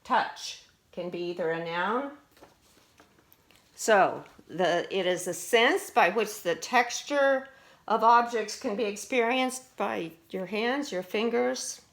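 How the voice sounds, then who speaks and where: Slow, deliberate woman teacher. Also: mid-range voice, fairly bright tone. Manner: slow and deliberate, explaining word by word. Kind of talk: vocabulary lesson.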